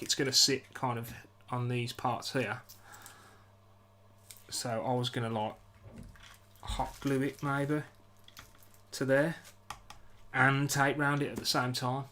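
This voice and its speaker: A man's voice: mid-range voice, fairly bright tone, a little hiss or hum. Chatty British man, self-mocking. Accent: British English. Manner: chatty, self-mocking, apologetic banter with chat. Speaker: live-stream host. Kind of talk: casual live-stream chat while working.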